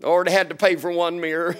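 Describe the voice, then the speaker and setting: A man preaching a storytelling sermon in a folksy, humorous way, chuckling often and swinging between loud and hushed delivery. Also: sits high, little pitch movement, fast talker, clear, resonant tone. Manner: often chuckles while telling stories.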